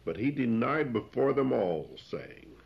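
A man preaching an expository sermon, explaining old scripture wording in plain speech with frequent pauses. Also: medium pitch, very animated, vocal fry. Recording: dull lo-fi recording.

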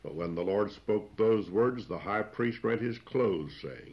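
Deep-voiced preacher, dull lo-fi recording. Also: male voice, animated. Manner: plain-spoken, explains old scripture wording, frequent "uh" pauses. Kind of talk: expository sermon.

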